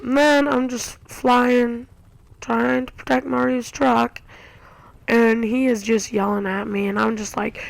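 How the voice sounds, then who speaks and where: Gravelly, excitable woman gamer. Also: on the high side, measured pace, no echo, poor audio. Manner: excitable, acts out own reactions. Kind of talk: casual gameplay commentary. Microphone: console share recording.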